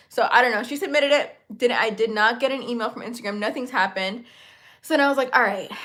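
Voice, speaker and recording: Young woman, bright clear tone, slightly high voice, casual storytime vlog, candid and chatty. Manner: chatty, candid, swears freely, heavy use of "like". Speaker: beauty vlogger. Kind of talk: casual storytime while getting ready.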